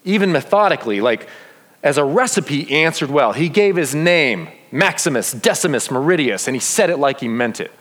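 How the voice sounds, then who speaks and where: A man's voice: a little high, moderate pace. A man preaching a sermon as pastor, full of rhetorical questions. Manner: animated, asks many rhetorical questions. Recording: long reverb of a large hall.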